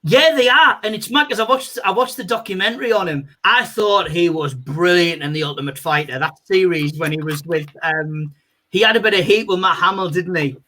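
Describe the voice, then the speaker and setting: A male comedian, a guest on a video call, chatting casually in a rambling, animated way full of "you know". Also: high voice, fairly quick.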